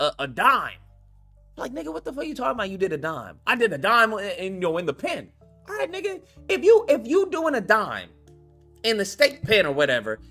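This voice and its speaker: A man hosting his channel, ranting in a profane, mocking, animated commentary. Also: high-pitched. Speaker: channel host. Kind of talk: commentary rant.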